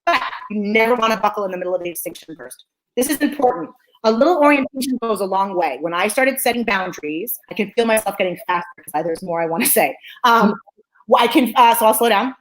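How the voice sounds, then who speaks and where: Fast, animated woman psychologist. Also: on the high side, rough recording. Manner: animated, repeats phrases for emphasis; says "okay?" often to check in. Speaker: psychologist host. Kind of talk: energetic teaching talk.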